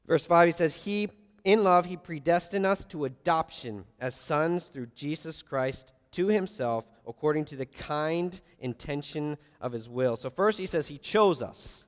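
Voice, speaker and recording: A man preaching a sermon, earnest, swinging between loud emphasis and soft, quiet lines. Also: on the high side, measured pace. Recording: long reverb of a large hall.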